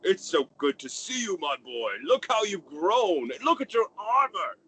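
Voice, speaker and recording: A man's voice: sits high, very animated, moderate pace, fairly bright tone, slight background noise, pitched above the performer's own voice, full character voice. A man voicing a merry, balding, plump older father who gushes with joy and stumbles over his welcome. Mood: overjoyed. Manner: effusive, flustered, gushing.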